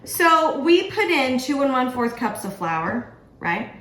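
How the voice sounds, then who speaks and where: A middle-aged woman with a fairly high voice chats casually to the camera while she cooks, making light fun of herself. She sounds echoey, as if in a bare home kitchen, with a faint ambient hum behind her. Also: sing-song, measured pace, a bit bright. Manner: chatty and self-deprecating, talking to the camera while cooking. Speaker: author and home cook. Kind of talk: casual cooking vlog.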